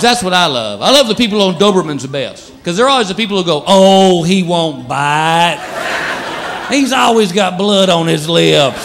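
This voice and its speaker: A man doing a stand-up comedy routine in front of a live audience, animated, jumping into silly voices. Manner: animated, jumps into silly high voices for pets. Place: comedy stage before a laughing audience. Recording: live club with loud crowd laughter and noise.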